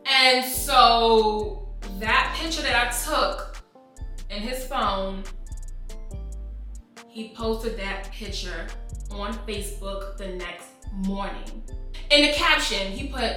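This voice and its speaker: A young woman tells a storytime in an animated, emphatic voice, bright and a little high. She sits back from the mic in an echoey room, and faint music plays behind her. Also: slow pace, distant mic. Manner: animated, emphatic, repeats for effect. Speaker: vlogger. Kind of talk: storytime vlog.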